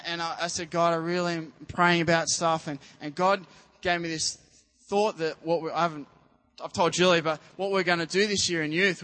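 A man's voice: high-pitched, sharp tone, in a large hall. A man preaching as a youth pastor in a church, earnest and rambling, with many restarts. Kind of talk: sermon.

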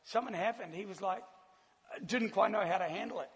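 A man with a New Zealand accent preaches and tells his own story in an animated, laughing way. His voice sits high and sounds husky. It rings out with a long reverb, as if in a large hall. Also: a little fast. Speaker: church speaker. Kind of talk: sermon with personal testimony.

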